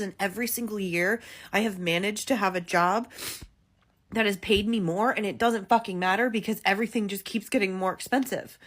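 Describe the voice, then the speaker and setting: A woman in her thirties, a working mother, ranting tearfully to the camera, exasperated and swearing, her voice climbing when she gets worked up. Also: medium pitch. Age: 30s. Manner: exasperated, swearing, rising to near shouts. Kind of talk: emotional rant to camera.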